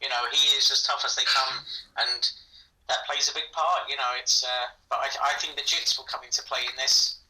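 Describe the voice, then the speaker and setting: A man's voice: medium pitch, fairly even intonation, brisk, bright, forceful tone. A man co-hosting a podcast, laid-back and trailing off mid-sentence, heard over distant call audio. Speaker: podcast co-host. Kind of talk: casual fight-pick chat.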